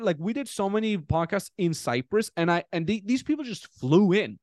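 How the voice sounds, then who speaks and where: Animated male podcast host, dry sound. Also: sits high, a little fast, dry recording. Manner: animated storytelling, acts out quotes loudly. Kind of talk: casual chat.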